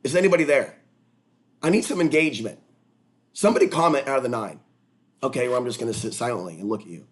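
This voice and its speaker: A man talks straight to his livestream viewers in an erratic, rambling monologue. He jumps from one topic to the next, his voice sitting at an ordinary middle pitch, and now and then he flares up into loud outbursts. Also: expressive, fast, long pauses, slight background noise. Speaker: livestream host.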